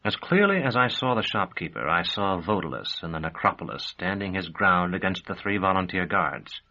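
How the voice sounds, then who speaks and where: A man narrating a fantasy audiobook in the first person, with measured, steady storytelling. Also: low-pitched. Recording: dull lo-fi audio.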